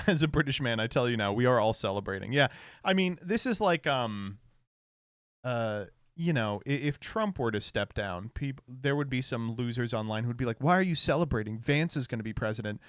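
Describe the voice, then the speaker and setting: A man's voice: medium pitch, expressive, normal speed, a bit bright, smooth, no echo, studio quality. A man hosting a stream, commenting on clips in a sarcastic, rambling casual chat. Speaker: streamer host.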